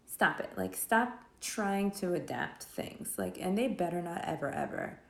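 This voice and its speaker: A woman's voice: fairly low pitch, sing-song, unhurried, roomy sound. A woman vlogger casually roasting a film while she draws, rambling and sarcastic, with lots of fillers. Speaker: vlogger reviewing films while drawing.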